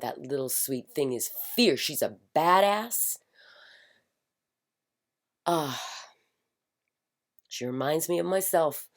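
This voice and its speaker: A middle-aged woman speaking in a passionate personal monologue, emphatic and repetitive, swinging from loud declarations to hushed whispers. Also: a bass voice. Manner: fervent, repetitive chanting phrases. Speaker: spiritual commentator.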